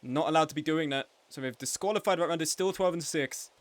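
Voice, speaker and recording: A man's voice: fairly high pitch, fast, no room sound. Chatty man calling a game tournament live. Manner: chatty and joking, with frequent laughs. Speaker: game tournament commentator and streamer. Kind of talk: live play-by-play commentary.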